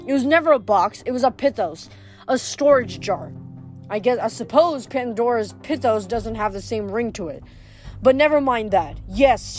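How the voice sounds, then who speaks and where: A woman reading aloud, voicing a smooth, manipulative male Titan who coaxes and needles calmly. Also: on the high side.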